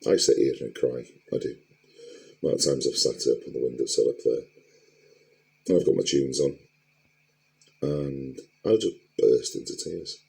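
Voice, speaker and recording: Middle-aged man, very deep gravelly voice, candid rambling vlog, blunt and sweary. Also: dark tone, rough recording. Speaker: vlogger.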